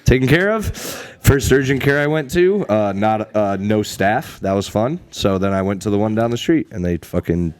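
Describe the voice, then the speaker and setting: A man's voice: lowish voice, expressive, normal speed, few pauses, a little mellow. A man with a New York accent, a guest comedian chatting on a podcast in a laid-back way. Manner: laid-back, says dude a lot. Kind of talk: casual chat.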